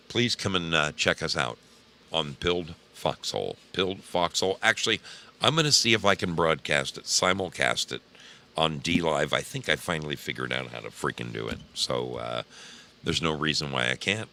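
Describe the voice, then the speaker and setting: A man's voice: extremely low pitch, expressive, moderate pace, sharp tone. A tired man hosting a casual livestream, chatting with viewers and reading their names, drawling and swearing freely. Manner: drawling, profane, talks to chat by name. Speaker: livestream host.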